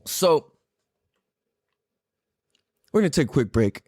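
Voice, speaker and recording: Animated, swearing young male podcast host. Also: dry recording, studio quality. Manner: animated storytelling, heavy swearing, voice jumps high when quoting himself. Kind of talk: casual chat.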